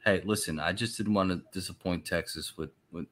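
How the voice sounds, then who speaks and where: A man joking crudely as a guest on a casual stream chat, deadpan and teasing. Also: low-pitched, brisk.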